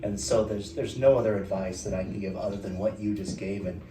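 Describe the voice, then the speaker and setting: Hesitant friend speaking, distant and echoey. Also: male voice, fairly low pitch, fairly even intonation, a little fast, mellow, slight background noise. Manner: hesitant, filler-heavy, wry. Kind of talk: unprepared wedding speech. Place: wedding ceremony. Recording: roomy, distant, clear background ambience.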